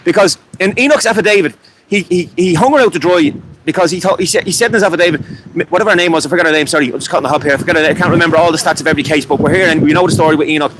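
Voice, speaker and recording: A man's voice: a little high, very fast, poor audio. An Irish man at a street protest, speaking angrily and in a rant, with many restarts and some swearing. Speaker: protester interviewed at a rally. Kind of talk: impassioned street interview. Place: outdoors at a street protest in rain and wind. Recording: loud outdoor wind and rain noise.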